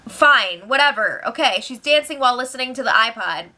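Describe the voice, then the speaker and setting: Woman doing a casual recap vlog, kinda high voice, bright tone, opinionated and giggly. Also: lively intonation, brisk. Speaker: show recap host.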